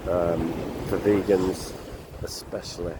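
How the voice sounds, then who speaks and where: An older man with a blocked nose, talking slowly and plainly in a casual travel vlog by the sea. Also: low voice, level tone. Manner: slow, rambling, plain-spoken. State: congested, bunged up. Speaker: vlogger. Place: outdoors by the sea. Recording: noisy outdoor recording.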